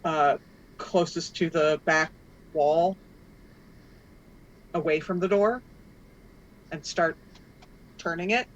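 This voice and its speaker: A man's voice: fairly high pitch, takes it slowly, long pauses, muffled recording. A man playing a tabletop game, describing his character's actions step by step. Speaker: player.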